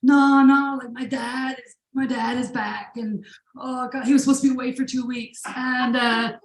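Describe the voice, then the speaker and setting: A woman's voice: sits high, steady tone, a little hiss or hum, pitched above the performer's own voice, natural voice. A woman voicing a young man who is panicking, talking in a rush in a roomy space. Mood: panicked. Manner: rushed, panicky. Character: panicked young man, chill teen friend. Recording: roomy live room echo.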